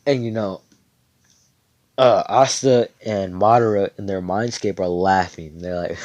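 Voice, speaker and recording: Deep-voiced young man rambling casually. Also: fairly even intonation, a little slow, darkish tone, no room sound, muffled recording. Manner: rambling, slangy, swears often. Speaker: fan storyteller. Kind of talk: casual storytelling.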